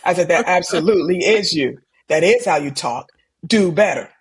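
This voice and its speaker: A middle-aged woman, an emergency room doctor, telling stories from her work in a calm, candid way and livening up when she quotes people. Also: fairly low pitch, normal speed, slightly rough. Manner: calm, candid, animated when quoting others. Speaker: ER physician guest. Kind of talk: conversational storytelling.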